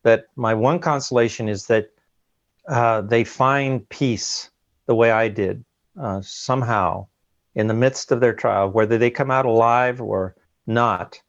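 A man speaks as an interview guest with a gravelly, creaky voice. He talks in an earnest, halting way, often doubling back on his words. The sound is dry and muffled, like a lo-fi remote line. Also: medium pitch, no echo. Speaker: guest recounting a submersible ordeal. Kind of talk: emotional interview account.

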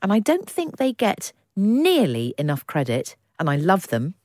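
A playful woman co-hosts a casual podcast, her pitch bouncing widely as she chats. The sound is close and dry, with no room around her. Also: huge pitch swings, a little slow, darkish tone, no room sound. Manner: playful, giggly, enthusiastic. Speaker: podcast co-host. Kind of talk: casual chat.

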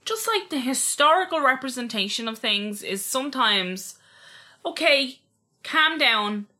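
Bright-voiced woman, blunt chat. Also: high-pitched, a little slow. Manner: blunt, swears freely, animated storytelling. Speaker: podcast co-host. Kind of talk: casual chat.

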